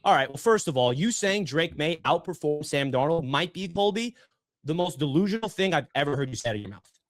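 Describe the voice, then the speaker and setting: A man's voice: on the high side, a little fast, no echo, studio quality. A man on a sports panel arguing his football takes, mocking and pushy. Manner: argumentative, mocking, animated. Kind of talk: heated sports debate.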